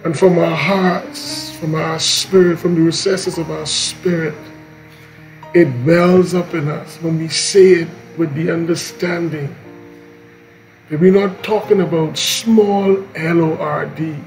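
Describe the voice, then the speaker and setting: Man, preacher, slow emphatic delivery, slightly high voice, soft guitar behind. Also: steady tone, gravelly, poor audio. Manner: slow, emphatic, repeats key lines. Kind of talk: morning devotion sermon.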